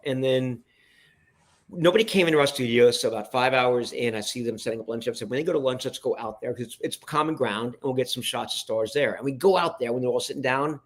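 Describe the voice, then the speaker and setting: Fast-talking animated man. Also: medium pitch. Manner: animated, acts out quoted voices, swears when heated. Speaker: podcast guest. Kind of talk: casual storytelling interview.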